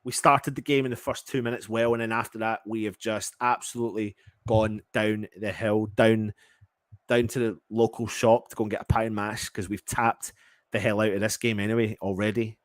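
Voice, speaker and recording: A man from England doing live fan reaction commentary on a match, exasperated and swearing, swinging between low muttering and loud outbursts. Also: level tone, moderate pace, no echo.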